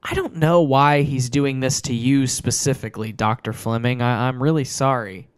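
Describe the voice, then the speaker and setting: A man voicing a gentle, apologetic young male patient who stammers softly. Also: mid-range voice, normal speed, clear, resonant tone, dry recording, clean studio sound, lightly acted. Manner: soft, hesitant, stammering apologies.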